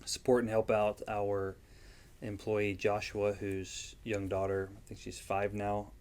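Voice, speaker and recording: A man chatting as a guest in a relaxed interview. His voice sits a little low, and he talks in an easygoing, plain-spoken way, pausing often with ums as he goes. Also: smooth. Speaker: yarn dyer and guest vendor. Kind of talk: casual interview chat.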